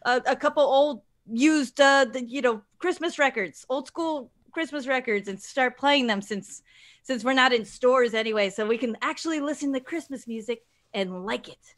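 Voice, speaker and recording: A woman's voice: high-pitched, normal speed, fairly bright tone. A woman hosting a casual chat, playful and joking, laughing at herself. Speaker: host.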